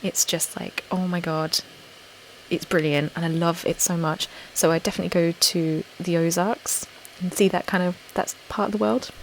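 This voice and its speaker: Chatty British woman, soft and giggly. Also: fairly low pitch, fairly even intonation, moderate pace, slight background noise, poor audio. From Britain. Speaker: ASMR channel host. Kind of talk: casual live-stream chat, reading viewer comments.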